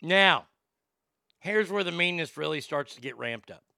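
A man's voice: a little high, lively intonation, normal speed, creaky, bright, forceful tone, clean tone, no room sound. A man hosting a comedic talk show, ranting in a profane, sarcastic way into a close studio mic. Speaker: host.

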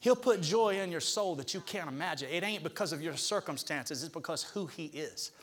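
A man's voice: fairly high pitch, a little fast. A male pastor preaching in church, coaxing the congregation to repeat scripture back to him. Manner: animated, coaxing audience to repeat lines. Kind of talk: call-and-response sermon.

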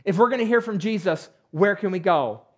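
A man's voice: high voice, brisk. A man preaching a sermon to his congregation, conversational with dry asides and emphatic rhetorical questions. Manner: conversational with dry asides and self-deprecating humor. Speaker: pastor.

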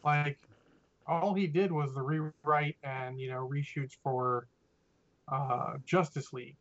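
A man's voice: a little high, steady tone, slow, fairly bright tone. A man co-hosting a casual podcast chat, opinionated and profane, rambling through his takes. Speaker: podcast co-host. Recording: dull lo-fi audio.

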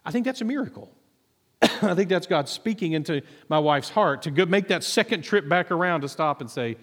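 A man who is a minister and psychologist, telling personal stories in a relaxed, self-deprecating way, with many ums. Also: fairly high pitch, moderate pace. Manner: conversational, self-deprecating storytelling with many fillers. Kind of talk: sermon testimony. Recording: echoey hall reverb.

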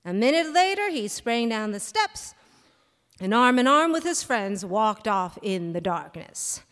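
A woman reads a short story aloud on a hall stage, her voice moving in lively swings of pitch. She takes her time, and the long reverb of the hall follows her words. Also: takes it slowly. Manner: expressive storytelling. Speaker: reader. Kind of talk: live fiction reading.

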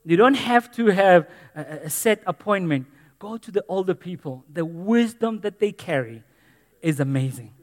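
A man's voice: sits high, fairly bright tone, in a large hall. A man preaching a sermon in a church, earnest and emphatic, repeating key phrases. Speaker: pastor.

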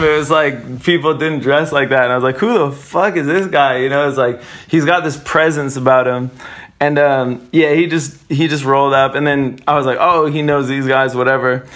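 Laughing, storytelling man. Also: fairly high pitch. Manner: laughs often, swears, animated storytelling. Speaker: guest skater. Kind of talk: casual interview chat.

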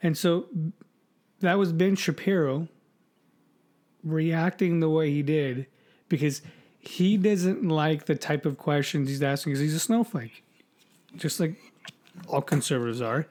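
This co-host's voice is a little high and darkish, and he speaks at a measured pace with frequent pauses. He mocks political topics in a loose, rambling way, swearing and repeating himself.

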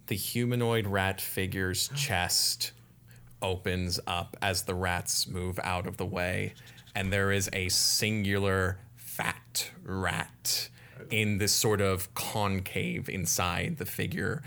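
Slow, clear-voiced game master. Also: male voice, deep voice, level tone, sharp tone. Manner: unhurried descriptive narration with casual fillers. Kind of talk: narrating a tabletop game.

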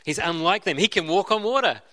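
A man preaches a sermon earnestly and often circles back to restart and repeat his phrases. His voice is bright and forward and sits a little high for a man. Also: lively intonation, fairly quick. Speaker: pastor.

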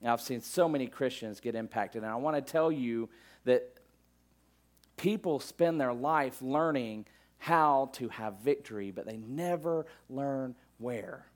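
A middle-aged man preaching a sermon in a relaxed, conversational manner, with plenty of asides and filler words. His voice sits at an ordinary, mid-range pitch for a man. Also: unhurried. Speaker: pastor.

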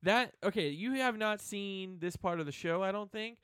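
A man hosting a rock radio show, talking fast and teasing his co-host. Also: sits high, a bit bright, clear, resonant tone, dry recording, clean studio sound. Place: radio studio.

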